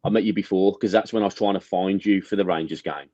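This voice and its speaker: A man's voice: deep voice, steady tone, fast, warm tone, dry recording, muffled recording. A man co-hosting a casual fan podcast, jokey and full of banter and firm opinions.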